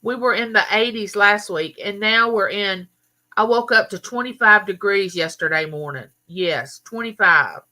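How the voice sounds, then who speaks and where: A woman's voice: mid-range voice, moderate pace, bright, forceful tone. A woman with a Southern US accent, from Mississippi, hosting a casual live chat and chattily greeting viewers by name. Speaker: livestream host.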